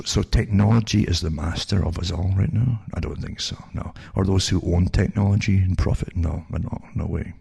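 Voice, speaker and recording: An older man with a Scottish accent reads out news stories in a sardonic tone and keeps cutting in with mocking asides. His voice sits very low and is thick with gravelly fry. It sounds rough and husky throughout. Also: darkish tone. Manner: sardonic, asides like "eh?" and rhetorical questions. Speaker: radio talk show host. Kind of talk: reading news items aloud with sarcastic commentary.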